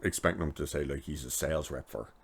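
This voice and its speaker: Very deep, gravelly, and a little breathy, this man's voice stays steady while he moves at a quick pace. He's a TV episode reviewer casually recapping an episode in a rambling way, leaning heavily on "like."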